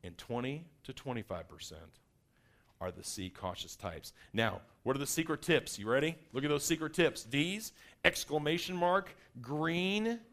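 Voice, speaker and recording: Animated man presenting a workshop. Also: fairly high pitch. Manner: animated, acts out personality types in quick voices. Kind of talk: energetic seminar talk.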